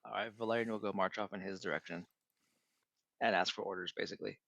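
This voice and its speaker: A man describing his character's actions in a tabletop role-playing game, in a measured way with fillers. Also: lowish voice, steady tone, creaky, a bit bright, dry recording. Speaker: player. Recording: dull lo-fi sound.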